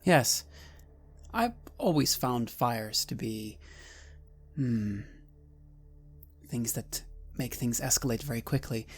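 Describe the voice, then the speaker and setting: A player speaking in character in a tabletop game, halting and earnest. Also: mid-range voice, expressive, husky.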